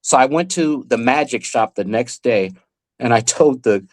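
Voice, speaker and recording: A man, a magician, telling a lively story in a podcast interview and acting out the people he quotes. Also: mid-range voice, moderate pace. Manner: animated storyteller who acts out the people he quotes. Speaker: magician guest.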